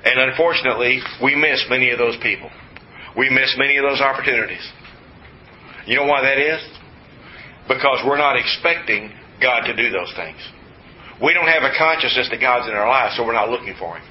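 A man's voice: medium pitch, brisk. A man from West Texas preaching a sermon, stressing and repeating key words with folksy asides, in a slightly muffled recording. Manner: emphatic, repetitive teaching with folksy asides. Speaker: pastor. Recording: slightly muffled with faint hiss.

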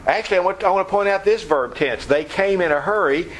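A man preaching an expository Bible lesson, explaining word meanings and acting out scenes with lively energy. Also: high-pitched, fast talker, rough recording. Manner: animated, acts out scenes. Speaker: pastor.

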